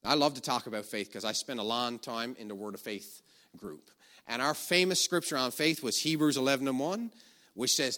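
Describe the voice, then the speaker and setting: A male preacher delivering a sermon in a bright, slightly high voice. He tells his story with animated energy, bursting into shouted commands and then falling to a soft, low tone for asides. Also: normal speed.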